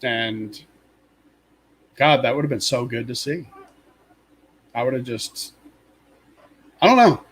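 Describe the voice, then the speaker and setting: A man's voice: medium pitch, animated, slow, pauses often, husky, poor audio. A man co-hosting a casual fan chat, rambling and opinionated, with lots of fillers and asides. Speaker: podcast co-host.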